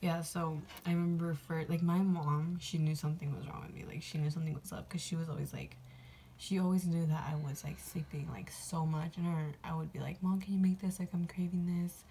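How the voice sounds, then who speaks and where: A woman's voice: deep voice, fairly even intonation, a little fast, dark tone, slight background noise. A young woman vlogger casually telling a personal story, rambling with lots of fillers and getting emotional. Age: young adult.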